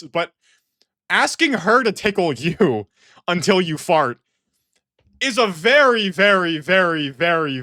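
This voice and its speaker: A man's voice: on the high side, bright, forceful tone, no room sound, clean studio sound. A man giving comedic reaction commentary in an exasperated, rambling way, often restarting sentences. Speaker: online commentator.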